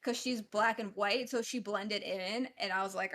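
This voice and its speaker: Bright, bubbly woman reading comments. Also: mid-range voice, steady tone, normal speed. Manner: reads viewer comments aloud, teasing and bubbly. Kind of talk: casual livestream chat.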